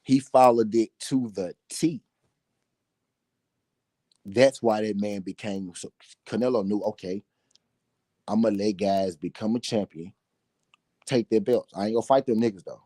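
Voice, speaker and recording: A man's voice: on the low side, normal speed, warm tone, dry recording. A man with a Southern US accent hosting a solo boxing talk show, ranting bluntly and profanely, repeating his points for emphasis. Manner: blunt, repetitive, heated and profane.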